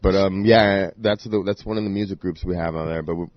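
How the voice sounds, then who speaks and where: A man's voice: deep voice, fairly even intonation, a little fast, dry recording, lo-fi sound. A man, a DJ guest on a podcast, telling stories in a laid-back, slangy way. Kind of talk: casual interview talk.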